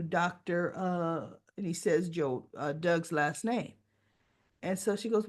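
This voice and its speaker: A woman's voice: on the low side, a little slow. Female recap host, casual storyteller who acts out the dialogue. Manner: animated storytelling, acts out characters' lines with shifting voices. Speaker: soap opera recap host. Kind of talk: casual retelling of a soap episode.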